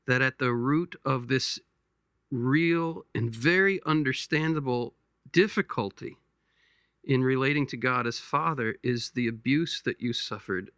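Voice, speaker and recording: A man hosting a podcast, giving a slow pastoral reflection, gentle and halting, often repeating words as he searches for them. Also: medium pitch, dry recording, studio quality. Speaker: podcast host.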